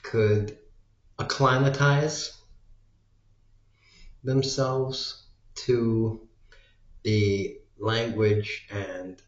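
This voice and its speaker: American guy rambling real slow to himself, kinda low voice, muffled echoey room sound. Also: steady tone. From United States. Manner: slow, meandering, trailing off with fillers. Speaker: vlogger. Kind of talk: rambling musing monologue.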